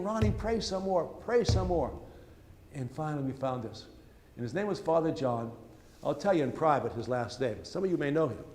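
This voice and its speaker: Older priest telling a story in a reverberant church. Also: male voice, on the high side. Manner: folksy, chatty, with asides to the congregation. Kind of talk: storytelling sermon. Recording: church hall reverb with faint ambience.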